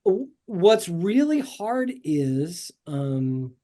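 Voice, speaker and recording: A man with a slightly high voice talks as a guest on a podcast. He rambles through his stories in an upbeat, easygoing way, coming through a video call. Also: very animated, extremely slow, dark tone. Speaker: podcast guest, show artist. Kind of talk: casual interview chat.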